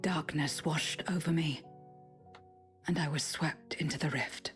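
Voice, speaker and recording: Breathy solemn young warrior woman. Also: low-pitched, fairly even intonation, a little slow, faint music behind. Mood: somber. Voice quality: breathy whisper. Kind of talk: video game cutscene.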